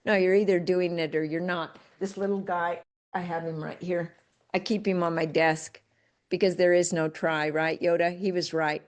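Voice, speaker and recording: Emphatic older woman coaching, lowish voice. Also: flat delivery, normal speed. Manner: emphatic, folksy and direct. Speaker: real estate coach. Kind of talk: motivational talk.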